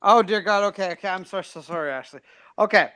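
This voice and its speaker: A man's voice: high-pitched, quick pace, pushed and bright, smooth, no room sound. A young man on a beer review panel, reading out viewer comments in casual chat and often stammering and restarting.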